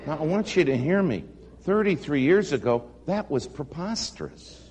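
A man telling a humorous personal story to a live audience, animated and self-deprecating. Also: fairly high pitch, normal speed. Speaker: speaker addressing an audience. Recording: long hall reverb, faint hum.

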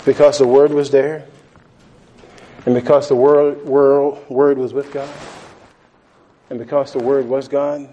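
A man preaching a sermon, animated, laughing often and repeating phrases for emphasis. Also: medium pitch, unhurried, long pauses, lo-fi sound, a little hiss or hum.

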